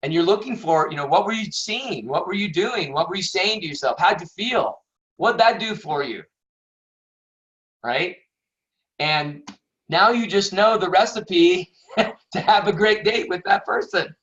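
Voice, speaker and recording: A man's voice: high-pitched, expressive, unhurried, fairly bright tone. A man teaching sales questioning techniques on a video call, talking casually, acting out sample questions and laughing often. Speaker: sales coach. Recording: dull lo-fi video call audio.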